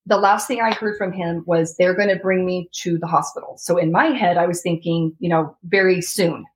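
Female guest, 30s, lower voice, animated storyteller. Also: moderate pace, poor audio. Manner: animated, reenacts her own past words. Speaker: interview guest. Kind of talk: emotional personal story.

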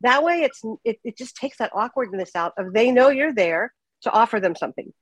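Folksy woman co-host who rattles along at a brisk clip, recorded close and dry with no room sound. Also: a little high, lively intonation, slightly rough, no room sound, low-quality recording. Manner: folksy, quick storytelling. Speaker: podcast co-host. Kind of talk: casual chat.

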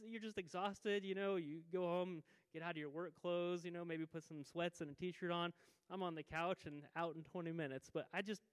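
Male pastor, thirties, relaxed conversational sermon with restarts, slightly higher voice, lingering hall reverb. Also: clean tone. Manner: conversational, self-deprecating, frequent restarts. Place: church sanctuary.

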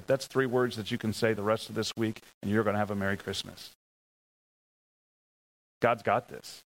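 A man preaching a sermon, emphatic and repetitive, leading the congregation in call-and-response and telling stories with animated excitement. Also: gravelly, poor audio. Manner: emphatic, repeats key phrases, leads the congregation in call-and-response; animated storytelling with rising pitch when excited. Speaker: pastor.

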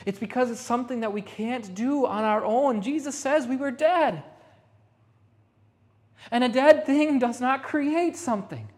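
A woman pastor delivering a Sunday sermon in a rehearsal hall, repeating phrases and slowing down to stress key lines. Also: a little high, a little mellow. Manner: emphatic repetition, slowing for stress.

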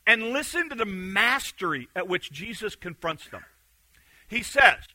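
A man preaching a sermon, animated and acting out the quotes he reads, swinging between loud and hushed. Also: high-pitched, a little slow, dry recording, rough recording.

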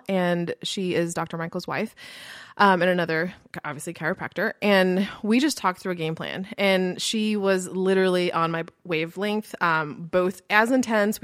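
A woman's voice: lowish voice, a bit bright, no room sound, studio quality. A woman hosting a podcast, telling a personal story in a casual, chatty way full of "like" and "um". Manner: chatty, lots of "like" and "um" fillers. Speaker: podcast host; entrepreneur.

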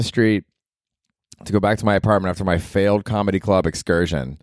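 A male comedian hosting his podcast, rambling casually and profanely, his pitch leaping up for emphasis. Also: steady tone, brisk, a little mellow, no echo, clean studio sound.

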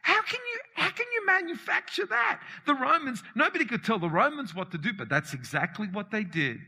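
High-voiced guy preaching hard, really bright sharp tone, big fervent shouts then goes quiet. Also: sing-song, fairly quick, creaky, slightly rough. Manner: fervent, emphatic preaching with sudden shouts and drops. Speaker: pastor. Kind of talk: sermon. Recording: long reverb of a hall.

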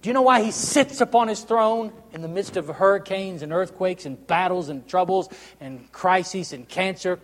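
A middle-aged male preacher giving a revival sermon, swinging from loud, emphatic proclamation to quiet intensity and joking with the congregation for amens. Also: high-pitched, normal speed, a little hiss or hum. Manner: jokes with the congregation and calls for amens. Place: church sanctuary. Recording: long church hall reverb.

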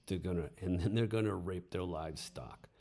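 A man's voice: deep voice, moderate pace, a little mellow. A man playing a weary young army sergeant. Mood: grim. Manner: frank, plain-spoken, profane. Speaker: soldier back from war.

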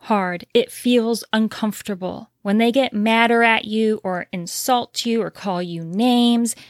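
A woman's voice: a little high, a little slow, no room sound, studio quality. Earnest woman giving relationship advice. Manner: earnest, reassuring, emphatic repetition. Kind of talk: direct-to-camera advice talk.

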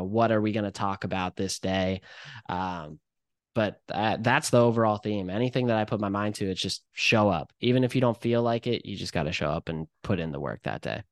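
Low, smooth-voiced young man co-hosting. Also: no room sound, studio quality. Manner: relaxed and reflective, with many "like" and "um" fillers. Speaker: podcast co-host. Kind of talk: casual chat.

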